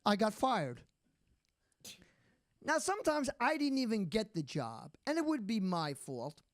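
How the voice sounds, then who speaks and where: A man doing a stand-up routine, delivering deadpan one-liners after slow setups. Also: high-pitched. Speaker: stand-up comedian.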